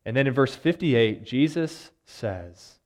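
A man who is a church elder, preaching an expository sermon in a conversational, teaching tone, often pausing on "uh" and "um" and giving the people in the story lively voices. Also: mid-range voice. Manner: conversational teaching, retells scripture scenes with lively quoted voices; frequent "uh" and "um" fillers.

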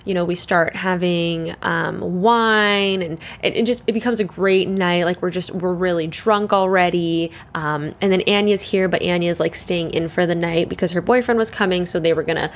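A young woman in her twenties chats on her own as host, her voice sitting a little low. She rambles loosely, fills her talk with "like", swears freely and laughs a lot. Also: moderate pace, few pauses. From Canada. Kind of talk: casual solo chat.

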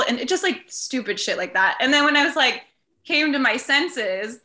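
Bright, chatty young woman. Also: sits high, expressive, normal speed. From Chicago suburbs. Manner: chatty storytelling with frequent "like". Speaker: guest, Pilates instructor. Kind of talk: casual podcast chat.

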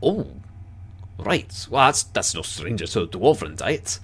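A man's voice: on the low side, sing-song, a little slow, slightly rough, exaggerated voice. A man voicing a jovial male dwarf mercenary in a tabletop game, boisterous and friendly.

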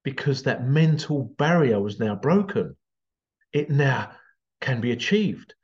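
Male vlogger, animated ranting monologue, medium voice, dull recording. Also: mid-range voice, a little slow. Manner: animated, repetitive, acts out quotes in exaggerated voices.

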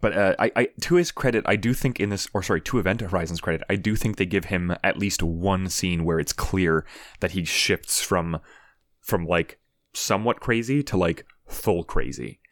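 A man chatting casually about movies as a podcast co-host, halting and repeating words as he goes. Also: deep voice, no room sound, clean studio sound.

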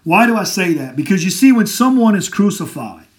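A man with a fairly high voice preaches a Bible teaching sermon. He is emphatic and keeps posing questions to the listeners, then answering them himself. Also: sing-song, a little fast. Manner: emphatic, asks and answers his own questions.

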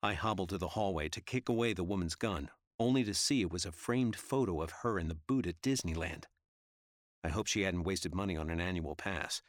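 A man narrating an audiobook in a steady, measured reading style. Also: deep voice, no room sound, studio quality. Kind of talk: scripted narration.

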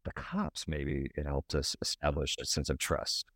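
Very deep-voiced man from Alabama, halting and reflective director, dry close mic. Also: little pitch movement, a bit bright, no echo. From Birmingham, Alabama. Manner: thoughtful, halting, restarts often. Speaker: documentary director. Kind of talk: casual interview talk.

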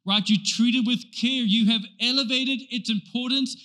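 A man preaching a sermon to a church, animated and emphatic, driving points home with repetition. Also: extremely high pitch, moderate pace. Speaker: pastor.

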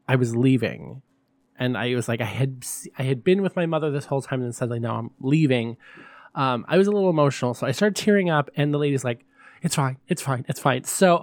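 A man's voice: fairly high pitch, no room sound. A man hosting a podcast in a campy, chatty, profane casual monologue. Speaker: podcast host.

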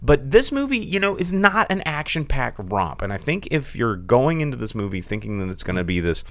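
A man hosting a casual film review show, talking with lots of fillers, restarts and big swoops in pitch. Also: big pitch swings, a little fast, a bit bright, dry recording. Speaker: film review podcast host.

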